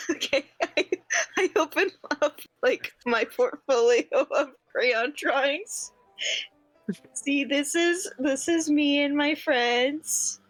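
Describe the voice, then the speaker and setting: A young woman playing in a tabletop game, giggly and answering quickly in character. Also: high voice, no room sound, soft background music, poor audio. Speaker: player. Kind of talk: tabletop role-play.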